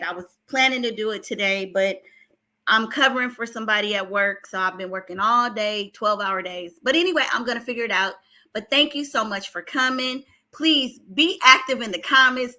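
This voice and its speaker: Bright-voiced Oakland woman hosting gossip. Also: on the high side, fairly quick. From Oakland, California. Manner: chatty, greets viewers by name, laughs between remarks. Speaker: celebrity gossip livestream host. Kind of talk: casual livestream chat.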